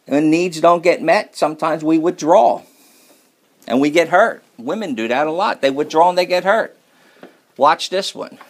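A man preaching to a congregation with a gravelly, slightly raised voice. He talks in a folksy, joking way that shifts between low, confiding asides and louder, emphatic points. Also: moderate pace. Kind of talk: sermon.

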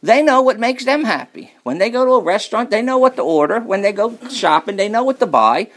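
A man's voice: high voice, very animated, a little fast, a bit bright. A man preaching a sermon on marriage in a folksy, joking manner.

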